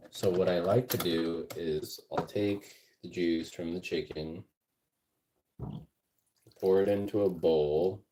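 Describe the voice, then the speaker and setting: A man's low-leaning, slightly mellow voice carries over a little hiss or hum as he cooks and chats on his storytelling livestream. The music producer rambles along, profane and repetitive.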